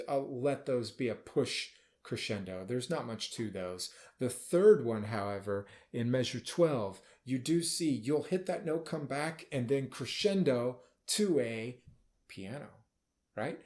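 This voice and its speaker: A man's voice: mid-range voice, expressive, slow pace, darkish tone. Casual, explaining male band conductor. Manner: explains casually, sometimes sings or calls out musical phrases. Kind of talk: rehearsal instruction.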